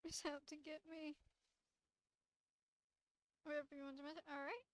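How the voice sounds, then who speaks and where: A young woman chatting casually on a livestream as the channel's streamer, rambling in a relaxed way with many restarts. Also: high-pitched, moderate pace, no room sound.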